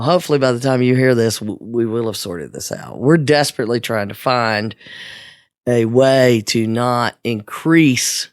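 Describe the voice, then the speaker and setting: A woman co-hosting a podcast in casual chat, low-key, often trailing off and restarting. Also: no echo, clean studio sound. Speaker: podcast co-host.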